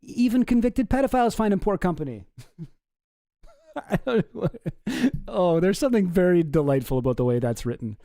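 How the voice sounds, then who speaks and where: A man's voice: high voice, animated, normal speed, warm tone, no echo, clean studio sound. A man hosting a stream, reacting to clips with rambling, profane, sarcastic chat. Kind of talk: casual chat.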